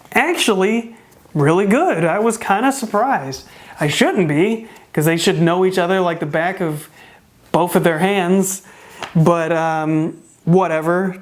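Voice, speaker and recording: A sarcastic reviewer talks through a wrestling event in a loose, casual way, firing off rhetorical questions and exasperated outbursts. The voice is starting to go hoarse from talking so long. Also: mid-range voice. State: starting to lose voice.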